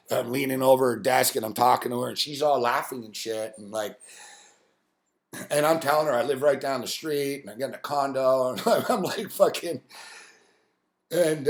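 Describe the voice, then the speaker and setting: Guy ranting a story on his live stream, swears a lot, middle pitch, roomy echo. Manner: profane, rambling, animated anecdote telling. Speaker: host.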